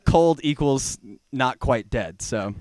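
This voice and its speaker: Rambling, profane stand-up comedian. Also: male voice, medium pitch, expressive, slow, a little mellow. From Georgia, US. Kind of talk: live stand-up set. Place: small comedy venue.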